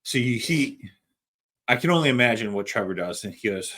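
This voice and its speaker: A man's voice: mid-range voice, animated, brisk, fairly bright tone. A middle-aged man, a paramedic co-hosting a podcast, telling a story in a laid-back, casual way and swearing freely. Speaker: podcast co-host.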